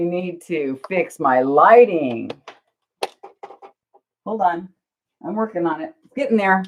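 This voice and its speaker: A low-voiced woman chats her way through a crafting livestream, her pitch bouncing lively up and down. She is flustered and pokes fun at herself as she talks to viewers. The audio is dull and lo-fi. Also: takes it slowly, long pauses, slight background noise. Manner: flustered, chatty, self-deprecating, talks to viewers. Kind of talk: casual livestream chat while crafting.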